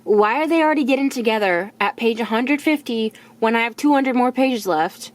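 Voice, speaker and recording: Blunt, animated young woman book vlogger. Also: fairly high pitch, normal speed. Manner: candid, animated, blunt, swings to soft asides. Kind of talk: casual reading vlog chat.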